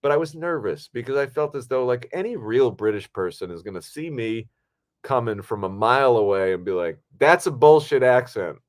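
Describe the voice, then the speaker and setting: A man co-hosting a podcast who tells behind-the-scenes stories in a loose, animated way, with plenty of swearing. His voice sits at a medium pitch for a man. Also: a little fast. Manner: profane, animated storytelling. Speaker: podcast co-host and actor. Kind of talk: casual chat.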